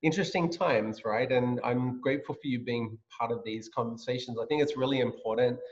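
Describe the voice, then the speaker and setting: Male host from Australia, friendly, hesitant delivery, slightly muffled video-call audio. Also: mid-range voice. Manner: friendly, halting with fillers. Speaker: pastor hosting an interview series. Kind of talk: casual video-call interview.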